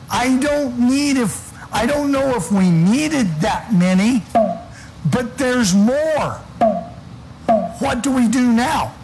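A man preaching a sermon with a high voice, taking his time and leaning on each word as he reads scripture. A faint hum of ambience sits behind him. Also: a little mellow, low-quality recording. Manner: preaching with slow, weighty emphasis and scripture reading.

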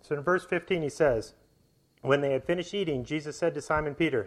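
A man's voice: on the high side, a little fast, rough recording. A man preaching a sermon in an earnest, conversational way, often restarting and repeating words as he explains scripture.

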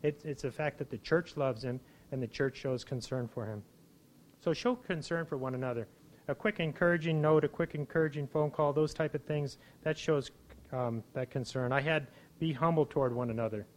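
A man giving an informal sermon to his church, conversational, with frequent restarts and animated exclamations. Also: on the high side. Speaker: preacher.

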